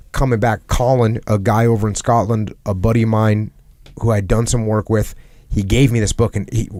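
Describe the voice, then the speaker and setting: A man's voice: lowish voice, darkish tone, no room sound, studio quality. A middle-aged man hosting a podcast. He talks in an earnest, reflective way and repeats phrases for emphasis. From United States. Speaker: podcast host. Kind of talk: reflective conversational talk.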